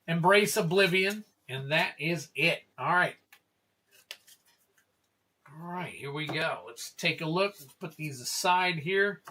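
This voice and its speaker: A man's voice: fairly high pitch, slow, pushed and bright. A man hosting a casual card-opening livestream, chatting freely and reading card names and prices aloud to his viewers.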